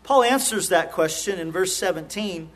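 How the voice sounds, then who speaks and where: High-voiced man preaching a sermon. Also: animated, moderate pace, a bit bright. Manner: earnest preaching, stammering repetitions and restarts. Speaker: pastor.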